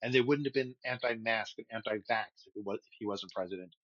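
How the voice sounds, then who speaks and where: A man's voice: lowish voice, quick pace, fairly bright tone, no echo, highs cut off. A man co-hosting a podcast in casual political chat, with wry, sarcastic asides. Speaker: podcast co-host.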